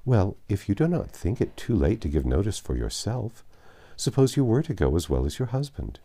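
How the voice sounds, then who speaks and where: A man reading a classic novel aloud, voicing a calm, sensible woman who speaks gently and reasons with her sister. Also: lowish voice, moderate pace, breathy edge, exaggerated voice. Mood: soothing.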